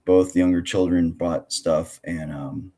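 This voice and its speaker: A hoarse man with a very low voice hosts a casual podcast. He sounds froggy from a cold and rambles along with plenty of fillers and restarts. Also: level tone, takes it slowly, warm tone. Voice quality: froggy, gravelly. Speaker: podcast host.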